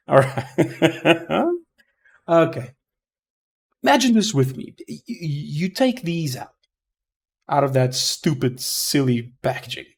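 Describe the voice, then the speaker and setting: A man giving a rambling, profane headphone review, often stopping to correct himself and getting excitable. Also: mid-range voice. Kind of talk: casual review monologue.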